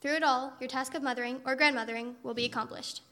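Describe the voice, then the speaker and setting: Casting: a woman preaching, high and bright, with reassuring storytelling and echoey hall sound. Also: steady tone, quick pace. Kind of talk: sermon.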